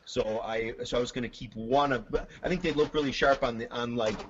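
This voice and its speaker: A man guest on a drum talk stream, telling stories with lots of laughter and halting restarts. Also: mid-range voice, slightly rough, highs cut off. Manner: animated storyteller, laughs often, halting restarts. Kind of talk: casual chat.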